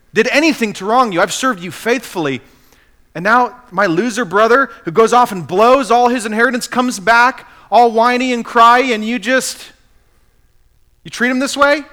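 A man's voice: very high-pitched, bright, forceful tone, pitched above the performer's own voice. A man in a sermon voicing a resentful older brother who complains in outraged disbelief. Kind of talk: acted quote in a sermon.

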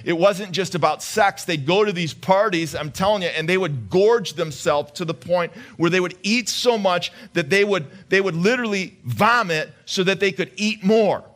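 Male pastor with a high voice, preaching casually, quizzing the congregation, stumbling over repeated words. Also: moderate pace, few pauses, a bit bright. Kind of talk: sermon.

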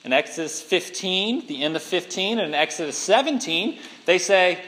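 A man teaching a Bible class in an animated way, laughing often and acting out the people he quotes. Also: high voice, moderate pace, hardly any pauses. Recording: long hall reverb.

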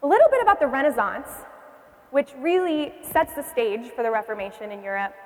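A young woman teaches church history to a live class, her voice sitting high. She draws the room in with questions and repeats their answers back. Her words trail off into a long hall reverb. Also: expressive, brisk, a little mellow. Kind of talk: classroom lecture.

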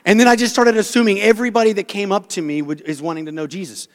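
A man preaching a sermon as pastor, telling stories with animated voices for the people he quotes. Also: high voice, quick pace, long reverb tail.

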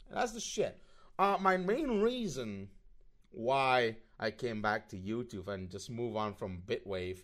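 A man hosting his own livestream podcast, ranting excitably and swearing freely in casual talk. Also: medium pitch, slow. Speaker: podcast host.

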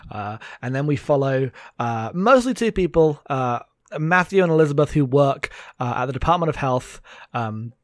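A man's voice: medium pitch, expressive, moderate pace, no room sound, studio quality. A man co-hosting a podcast in casual chat, rambling and laughing often while recounting films over a remote call. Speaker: podcast co-host. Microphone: remote call mic.

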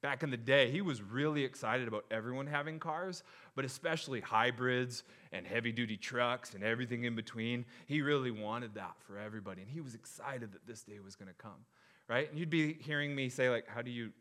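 A young man preaching a sermon in an animated, joking way, acting out the crowd's reactions. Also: medium pitch, fairly quick. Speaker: pastor.

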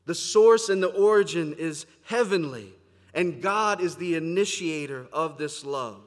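A man preaching a sermon, moving between quiet, reflective stretches and loud, emphatic declarations. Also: fairly high pitch, a little slow, in a large hall. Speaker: pastor. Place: church sanctuary, standing before a congregation.

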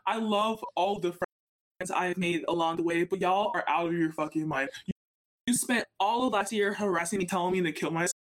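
A woman co-hosting a casual podcast, talking in a heated, emphatic rant full of profanity. Her pitch sits in the middle for a woman. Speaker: podcast co-host.

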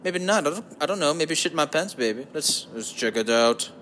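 Man doing a smarmy fake-German lounge crooner, slightly high, over a light hiss. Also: animated, fairly bright tone. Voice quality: mock German accent. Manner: sleazy crooning, drawn-out, calls listeners baby. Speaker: podcast host. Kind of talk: comedic podcast monologue in a put-on voice. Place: home basement.

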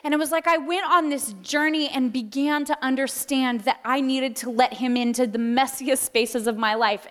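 A woman in her thirties giving a candid sermon testimony, telling stories with laughter and acted-out voices. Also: high voice. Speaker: speaker. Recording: long hall reverb.

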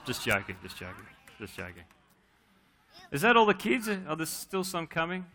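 A man's voice: on the high side, wildly swooping pitch, normal speed, bright, forceful tone. A man leading a playful, joking children's talk at a church service, coaxing kids to answer.

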